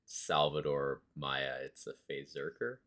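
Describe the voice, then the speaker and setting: A man streaming a game live, chatting casually with viewers and musing aloud between pauses. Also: rumbling low, fairly even intonation, fairly bright tone. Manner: laid-back, musing aloud, answering chat between pauses.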